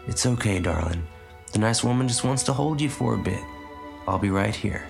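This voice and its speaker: A man's voice: lowish voice, expressive, normal speed, creaky, soft background music. A man voicing a calculating drifter who talks in a coaxing, soothing way.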